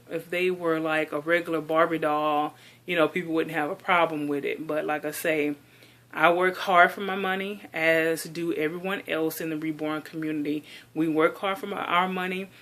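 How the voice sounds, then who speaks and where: A woman's voice: deep voice, fairly even intonation, normal speed, a bit bright. A woman venting in a casual vlog monologue, chatty and exasperated, saying "like" a lot. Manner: chatty and exasperated, heavy use of "like". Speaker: doll collector vlogger.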